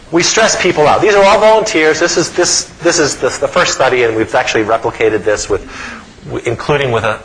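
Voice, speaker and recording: A middle-aged man giving a psychology lecture in an animated way, often pausing to ask his listeners "okay?". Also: mid-range voice, rough recording. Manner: animated, frequent "okay?" check-ins.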